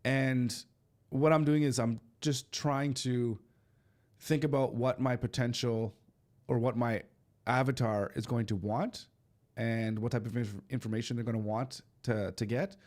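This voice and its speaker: A man's voice: mid-range voice, steady tone, measured pace, a little mellow. A man with a stuffy nose hosting a casual livestream, chatting loosely with lots of fillers and restarts. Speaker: livestream host. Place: home studio in eastern Canada.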